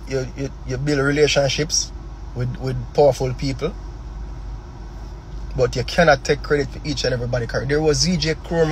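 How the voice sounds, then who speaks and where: An artist on a phone livestream speaks Jamaican patois in a fairly high voice, impassioned and confrontational as he addresses viewers directly. He repeats words and fires rhetorical questions, and the recording is rough with slight background noise.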